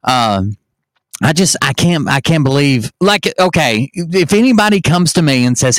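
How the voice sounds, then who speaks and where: A man's voice: fairly high pitch, big pitch swings, moderate pace, no echo. A man in his thirties hosting a live podcast, talking in a profane, sarcastic, ranting way. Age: 30s. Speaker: podcast host. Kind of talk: live-stream podcast chat.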